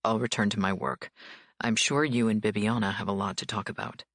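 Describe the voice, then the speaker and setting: A calm, low-voiced mafia boss. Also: female voice, dry recording, clean studio sound, full character voice. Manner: calm, low, measured delivery. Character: cool, controlled male mafia boss.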